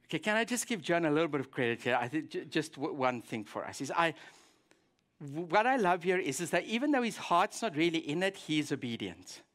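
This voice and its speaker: Man pastor, animated storyteller, acts out voices in a sermon. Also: a little high, a little fast.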